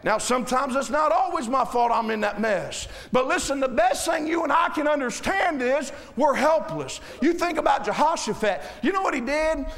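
A man in his thirties preaching a sermon, impassioned and folksy, often rising to shouts as he speaks straight to the congregation. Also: very high-pitched, lively intonation, normal speed, gravelly, few pauses, big-room sound. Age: 30s. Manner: folksy, addresses the congregation directly.

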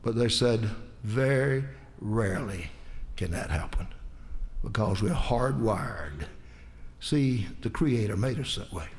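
A pastor from the United States preaching in church, with impassioned appeals that rise loud and high and then drop to hushed, low asides. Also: male voice, animated, takes it slowly. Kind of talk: sermon.

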